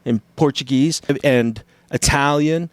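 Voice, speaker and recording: A man's voice: medium pitch, measured pace, clear, resonant tone, no room sound. A man co-hosting a casual podcast chat, explaining things animatedly and acting out different tones of voice. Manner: animated, acts out tones and inflections while explaining. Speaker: podcast co-host.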